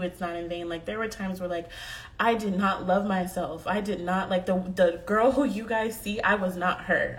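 A young woman giving a heartfelt motivational talk to her viewers, earnest and often repeating herself as she speaks. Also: medium pitch. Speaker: vlogger.

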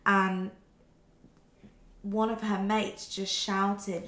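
A young woman from Wales tells personal stories in a loose, chatty way, full of fillers and restarts. Her voice has a gravelly edge of vocal fry and sits at an ordinary pitch. The room around her is echoey. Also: steady tone, normal speed, a bit bright. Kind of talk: casual chat.

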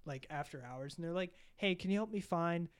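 A young man in casual podcast chat, rambling through a profane, animated story. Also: fairly high pitch, brisk, clear, resonant tone.

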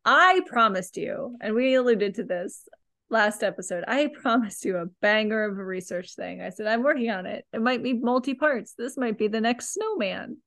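A woman's voice: on the high side, expressive, moderate pace, fairly bright tone. A woman co-hosting a podcast in casual chat, self-deprecating and often laughing. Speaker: podcast co-host.

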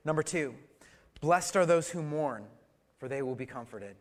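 A middle-aged male pastor preaching a sermon, swinging between loud emphatic lines and soft hushed ones, asking the congregation questions with light humor. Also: fairly high pitch, lively intonation, normal speed.

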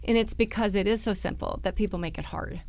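A woman's voice: mid-range voice, fast, gravelly, a little mellow. A woman hosting a podcast, talking in an affirming, conversational way.

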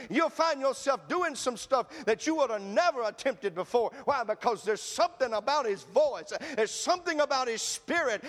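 A man's voice: high voice, a bit bright, big-room sound. A man preaching a folksy, fervent sermon, laughing between phrases and hollering quoted cries.

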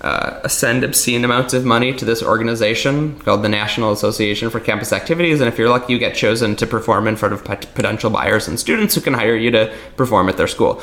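A man's voice: mid-range voice, fast talker, hardly any pauses, a bit bright. A man who works as a magician, telling stories in a casual podcast conversation, candid, laughing often and swearing now and then. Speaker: magician guest.

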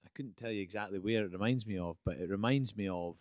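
A man's voice: on the low side, fast talker, darkish tone, dry recording, studio quality. A man in casual chat, opinionated and sweary, restarting his sentences often.

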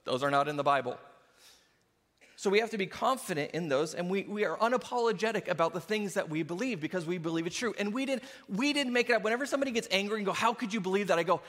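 A man preaching a sermon in an animated way, often laughing and acting out what people say. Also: high voice, fast. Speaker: pastor. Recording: hall reverb.

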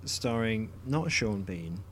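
A man co-hosting a podcast, rambling through animated opinions in casual chat. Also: on the low side, slow, a little hiss or hum. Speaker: podcast co-host.

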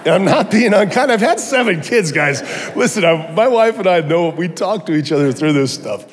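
A middle-aged man giving a personal testimony sermon, telling his story with animated energy and joking asides. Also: sits high, moderate pace. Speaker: guest speaker. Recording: long hall reverb.

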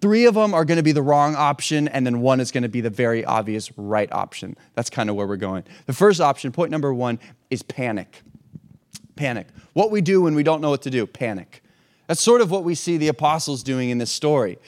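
A man's voice: mid-range voice, expressive, fairly quick, darkish tone. A man preaching a sermon in a conversational way, asking rhetorical questions and restarting his phrases. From hurricane-prone region. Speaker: pastor.

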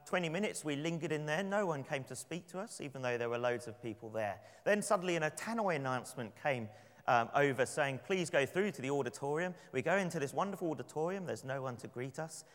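English preacher in a reverberant church. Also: male voice, a little high, expressive, fast. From London. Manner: conversational, anecdotal, with light laughs. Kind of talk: sermon with prayer and storytelling.

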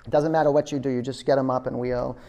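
A man's voice: medium pitch, little pitch movement, fast talker, gravelly, dark tone, highs cut off, a little hiss or hum. A man teaching a yoga class in a studio, counting down holds and coaxing students in a playful, encouraging way. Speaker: yoga instructor.

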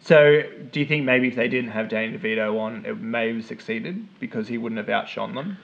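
Gravelly podcast co-host. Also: male voice, mid-range voice, a little fast, fairly bright tone, highs cut off. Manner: laughs often, short reactions. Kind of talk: casual chat.

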